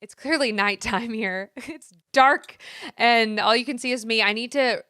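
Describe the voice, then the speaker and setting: Sing-songy bright chatty woman. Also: a little high, a little slow, no room sound, clean studio sound. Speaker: podcast co-host. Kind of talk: casual chat. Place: spare room at home, at night.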